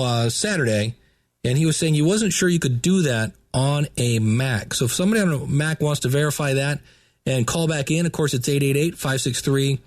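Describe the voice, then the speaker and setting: A man's voice: fairly high pitch, dry recording, clean studio sound. A man hosting a podcast, explaining setup tips in a chatty, casual way. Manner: chatty, explanatory, with filler words. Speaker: podcast host.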